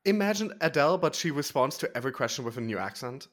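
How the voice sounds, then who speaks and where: A man co-hosting a podcast in casual chat, animated and emphatic, full of "like". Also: fairly high pitch, fast. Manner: animated, emphatic, heavy use of "like". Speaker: podcast co-host.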